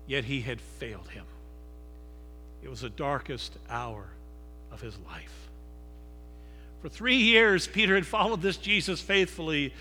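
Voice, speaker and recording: A man preaching a sermon that retells a scripture story dramatically, moving between loud emphasis and hushed low passages. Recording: long reverb with faint music behind.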